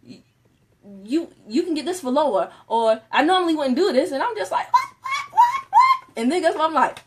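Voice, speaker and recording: A chatty, animated woman, hosting a casual Facebook Live and laughing often as she talks to viewers. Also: high-pitched, brisk. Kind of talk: casual live-stream talk.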